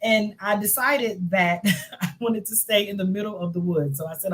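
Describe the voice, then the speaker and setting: A woman's voice: medium pitch, normal speed, poor audio. A woman in her fifties, a guest author, telling stories in casual chat with lots of laughter and "y'all". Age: 50s. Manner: lively, laughing, says y'all often.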